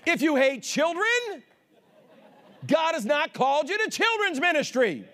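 Preacher guy with a really high voice, fired up, shouting then going quiet, keeps asking for amens. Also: very animated, unhurried, some chatter behind. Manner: fervent preaching, swinging from shouts to hushed asides; calls for amens from the congregation. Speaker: pastor. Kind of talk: sermon.

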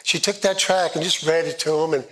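A man with a drawl preaches from personal testimony. His voice sits a little high for a man, and he talks haltingly, restarting phrases and doubling words as he goes. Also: fairly even intonation, fairly bright tone. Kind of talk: sermon testimony.

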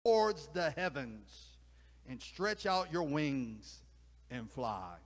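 A man's voice: very high-pitched, wildly swooping pitch, extremely slow, darkish tone, full character voice. A man voicing a wise male owl who counsels a lost eagle, urging him emphatically. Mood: urgent. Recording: long hall reverb.

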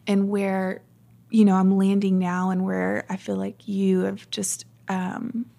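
Earnest woman host with vocal fry. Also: medium pitch, monotone, slow. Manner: earnest, emphatic, lots of warm affirmations. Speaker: podcast host. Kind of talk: casual conversation.

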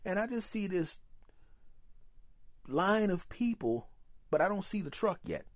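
A man hosting a podcast, telling a story as a comedic monologue, animated and profane, acting out the people in his stories. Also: high voice, measured pace, no echo, studio quality. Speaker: podcast host.

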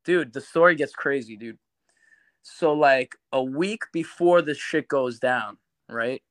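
A man from New York, a podcast guest telling a long story in casual, animated talk, swearing a lot. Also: mid-range voice, slow, dry recording. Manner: animated, swears a lot, acts out quoted voices.

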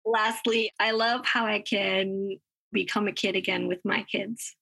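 A woman in her thirties chatting as a podcast guest, upbeat and quick to laugh. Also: mid-range voice, flat delivery, creaky, bright, forceful tone, slightly rough, rough recording. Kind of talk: casual interview chat.

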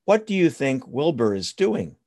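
A man voicing a calm, gentle father rabbit in a storybook, speaking patiently and reassuringly. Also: mid-range voice, moderate pace, no echo, clean studio sound, voice pushed up.

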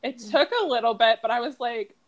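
A woman guest on a casual book podcast, talking in a quick, upbeat, self-deprecating way. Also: on the high side. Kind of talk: casual chat.

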